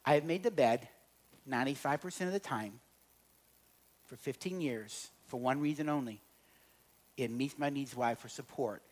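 A middle-aged man speaking to an audience about relationships, telling humorous stories and swinging between loud and quiet. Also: mid-range voice, moderate pace, pauses often. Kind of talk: humorous storytelling talk to an audience.

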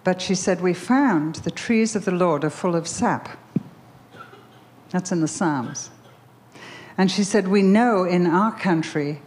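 With a voice on the low side and a little mellow, a woman addresses a Bible conference. She preaches by telling a story full of emphatic repetition, then moves into leading a prayer.

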